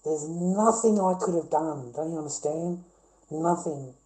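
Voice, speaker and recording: A man's voice: fairly high pitch, unhurried, dark tone, low-quality recording. A middle-aged man with an Australian accent, telling a rambling, repetitive, profane story to camera. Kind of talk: casual rant to camera.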